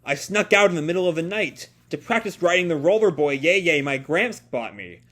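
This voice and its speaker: An excitable kid with a squeaky, whining voice, as a man puts him on. The pitch sits high and jumps around restlessly. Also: fairly quick. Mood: excited. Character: excitable kid who owns a scooter.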